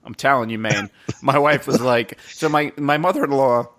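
A young man telling a story in casual chat, swearing constantly and animated. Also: mid-range voice, normal speed. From New York. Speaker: podcast co-host.

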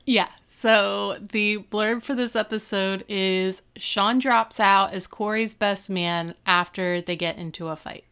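Smooth-voiced woman podcast co-host. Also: medium pitch, slow, hardly any pauses. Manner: animated storytelling with disgusted groans. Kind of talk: casual chat recapping a TV episode.

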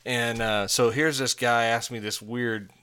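A man's voice: medium pitch, fairly even intonation, unhurried, pushed and bright, clear, resonant tone. A man in his forties co-hosting a casual chat, telling rambling, self-mocking stories with frequent laughter. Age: 40s. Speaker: podcast co-host.

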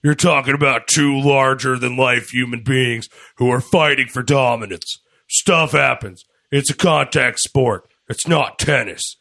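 A man's voice: mid-range voice, a little slow, creaky, sharp tone. A man doing a blunt wrestler impression on a casual podcast, talking tough about physical fights.

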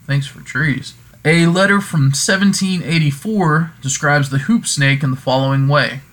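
A man's voice: fairly high pitch, moderate pace, fairly bright tone. A man hosting a casual folklore talk, digressive and self-correcting, with jokey asides as he goes. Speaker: podcast host.

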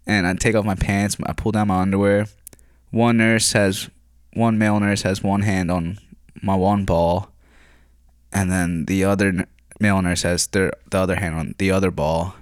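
A man's voice: deep voice, level tone, moderate pace, clear, resonant tone, no room sound, studio quality. A young man casually telling a rambling, profane story, swearing constantly while recovering from surgery.

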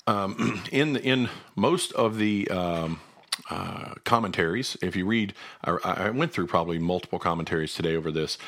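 A man with a fairly low voice leads a Bible study in an easygoing, conversational way. He explains each verse earnestly, thinking aloud as he builds his point. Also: moderate pace, a bit bright. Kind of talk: conversational scripture teaching.

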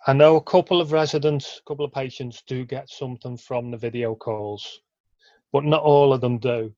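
A man's voice: medium pitch, fairly even intonation, moderate pace, a little mellow, no echo. Hesitant man, lo-fi sound. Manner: hesitant, many fillers and restarts. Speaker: care home worker. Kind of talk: casual interview.

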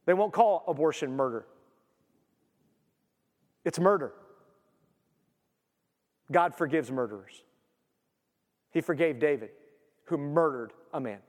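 A man preaching a sermon, emphatic, swinging from quiet to loud. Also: fairly high pitch, in a large hall. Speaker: pastor.

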